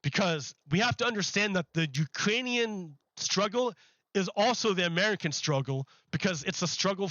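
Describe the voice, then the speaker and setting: Bright-voiced man doing political commentary. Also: sits high, no room sound, highs cut off. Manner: rambling, repeats words, mocking put-on quotes. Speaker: political streamer. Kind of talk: live-streamed political commentary.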